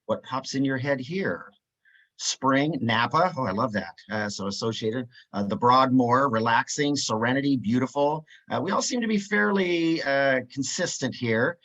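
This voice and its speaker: A man leads a live webinar in an upbeat, chatty way, sprinkling his talk with filler sounds as he reads out replies. His voice sits at a middling pitch. The call audio comes through dull and lo-fi. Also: lively intonation, normal speed, fairly bright tone. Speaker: webinar presenter.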